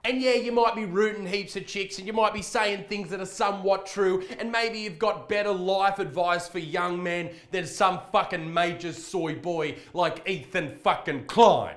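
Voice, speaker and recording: A man's voice: high voice, normal speed, hardly any pauses, a bit bright, roomy sound. An Australian man and comedian delivering a crude, sweary, mock-outraged comedic rant. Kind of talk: comedic rant reacting to clips.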